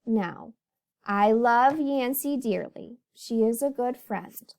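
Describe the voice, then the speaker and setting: A woman teacher with a high voice walks young children through a phonics lesson. She speaks slowly and in an animated storytelling way, addressing them as boys and girls.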